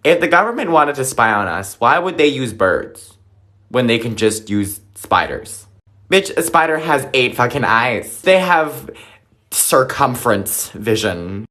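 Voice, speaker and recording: A man's voice: medium pitch, sing-song, unhurried, sharp tone. A young man delivering a profane, exaggerated comedic rant monologue.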